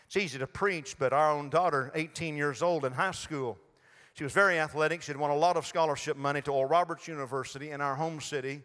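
A man's voice: on the high side, steady tone, quick pace, a bit bright, long reverb tail. An older man preaching a sermon in a folksy storytelling way, acting out little voices as he goes. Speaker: pastor.

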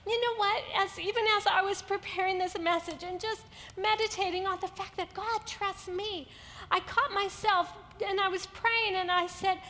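A woman's voice: very high voice, steady tone, normal speed, pushed and bright, in a large hall. A woman pastor preaching a sermon to women, earnest and building to emphatic repetition.

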